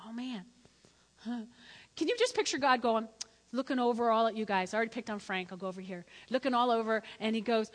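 A middle-aged woman preaching a lively sermon, animated and joking, sometimes acting out voices. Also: fairly high pitch, brisk. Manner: animated, jokey, acts out voices. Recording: church hall reverb.

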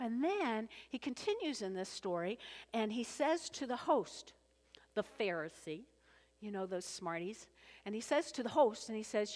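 A woman pastor delivers an animated sermon, her fairly high voice jumping between storytelling and playful asides to the congregation. She acts out the people in her story as she goes. The sound carries a long reverb from the church hall.

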